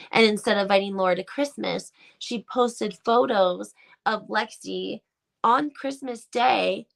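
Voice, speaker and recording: A woman's voice: on the high side, creaky, fairly bright tone. A woman hosting a live-stream commentary on reality TV gossip, talking in an emphatic, gossipy way full of rhetorical questions.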